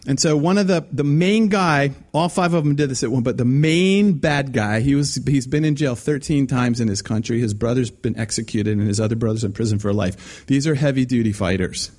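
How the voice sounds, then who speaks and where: A man preaching a sermon, telling a story in an animated, emphatic way with frequent restarts. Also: mid-range voice, brisk, hardly any pauses.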